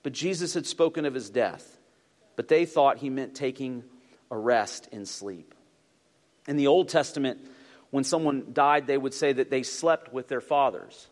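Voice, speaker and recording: A man preaching a sermon in an animated way, asking his audience to call out answers. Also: mid-range voice, measured pace, big-room sound. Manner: animated, asks the audience to respond. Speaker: pastor.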